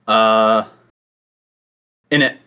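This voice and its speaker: A man's voice: lowish voice, steady tone, drawn-out words, pushed and bright, clear, resonant tone, full character voice. An American man doing a chatty British lad. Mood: jokey. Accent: put-on British. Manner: mumbling, filler-heavy slang. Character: chatty young British lad, a friend's impression.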